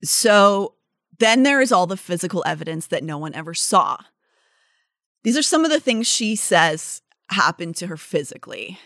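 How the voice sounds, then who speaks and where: A woman co-hosting a casual true-crime podcast, indignant and swearing freely, swinging from quiet mutters to loud outbursts. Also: lowish voice, very animated, moderate pace, dry recording, clean studio sound. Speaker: podcast co-host.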